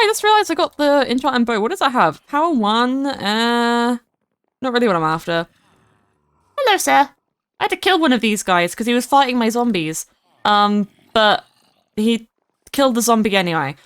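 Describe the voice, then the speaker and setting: A woman's voice: on the high side, a bit bright, clear, resonant tone, no room sound. A woman streaming herself playing a game, chatting and rambling casually as she greets viewers by name. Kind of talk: casual livestream gameplay chat.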